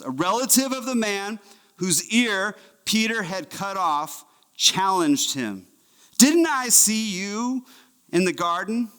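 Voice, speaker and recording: Pastor at the pulpit, male, high voice, lively storyteller who plays the characters he quotes. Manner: animated storytelling, acts out voices of Bible figures. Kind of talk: sermon. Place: church.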